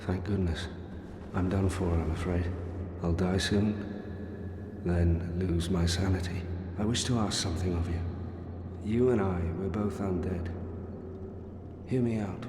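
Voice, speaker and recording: A weary, solemn undead knight near death in a video game, talking slowly in a formal, old-fashioned way. The voice sits very low. It rings through a long, echoey hall with game noise behind. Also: male voice, steady tone.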